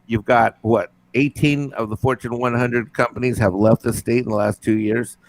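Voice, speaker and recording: Gravelly middle-aged man joking through chat. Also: mid-range voice, steady tone, rough recording. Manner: joking, rambling, quick asides. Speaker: livestream co-host. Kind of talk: casual livestream chat, reading viewer comments.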